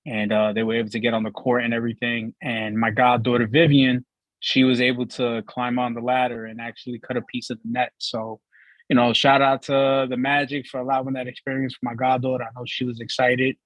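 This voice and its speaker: A man co-hosting a sports talk show, teasing his partner with animated trash talk. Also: mid-range voice, fairly quick, no echo, low-quality recording. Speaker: co-host.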